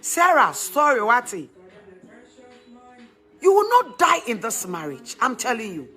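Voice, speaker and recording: A middle-aged woman with a Ghanaian accent giving emphatic, preachy advice in animated talk, laughing often. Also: a little high, measured pace, soft background music.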